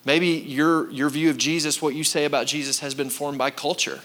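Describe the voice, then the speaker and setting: A man's voice: on the high side, level tone, moderate pace, fairly bright tone. A man preaching a sermon as pastor, speaking emphatically and repeating key lines while addressing the congregation directly.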